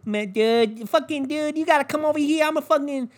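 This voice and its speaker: A man doing a squeaky hyped Boston tough guy. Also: fairly quick. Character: pumped-up young male Boston tough guy.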